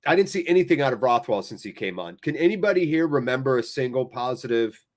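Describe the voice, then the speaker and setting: Man, American accent, fan watchalong host, casual live commentary, excitable, chatty. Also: mid-range voice, fast talker. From United States. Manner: excitable, chatty, talks to viewers in chat.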